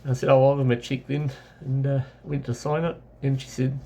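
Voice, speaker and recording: Rambling New Zealand man with gravelly voice. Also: mid-range voice, level tone, fairly quick, dark tone. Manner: rambling anecdotal, with many self-corrections and fillers. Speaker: travel vlogger. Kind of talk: casual travel storytelling.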